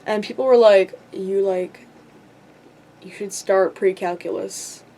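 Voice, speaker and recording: A teenage girl vlogger records a rambling, frustrated, self-deprecating rant on camera. Her mid-range voice is steady and dark in tone at a slow pace, and she swears often and fills her talk with "like".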